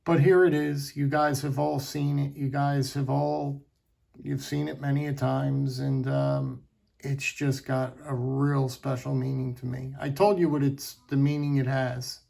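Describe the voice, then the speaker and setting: A middle-aged man telling rambling, halting, sentimental stories about his knives in a casual vlog. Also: mid-range voice, little pitch movement, gravelly, dark tone. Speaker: knife collector vlogger. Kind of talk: casual storytelling to camera.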